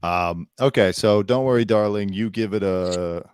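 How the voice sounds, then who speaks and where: A man's voice: fairly low pitch, normal speed, a little mellow, clear, resonant tone, no echo. A man co-hosting a casual comedic livestream chat, talking with a dry, sarcastic, teasing manner. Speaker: co-host. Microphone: headphones with desk mic.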